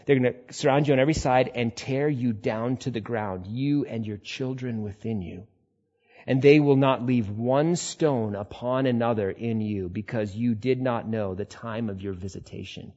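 A man preaching a sermon, swinging between loud emphatic passages and quiet, low reflection. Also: highs cut off. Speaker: pastor.

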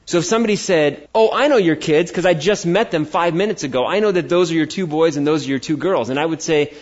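A man's voice: a little high, fast talker. An American man preaching a sermon, telling a personal story and acting out the voices he quotes. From United States. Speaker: pastor. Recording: dull lo-fi sound.

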